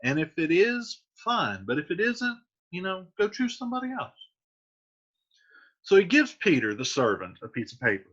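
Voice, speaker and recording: Lively, bright-voiced man explaining a play. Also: a little high, normal speed, highs cut off. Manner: reads the verse aloud, then paraphrases it casually. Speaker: teacher.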